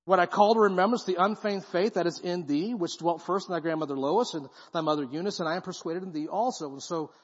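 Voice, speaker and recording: A guest pastor with a high, husky voice preaches in a church sanctuary, his words trailing a long hall reverb through dull, muffled sound. He talks fast with few pauses, in a casual, slangy style, often checking in with the congregation with asides of "right?"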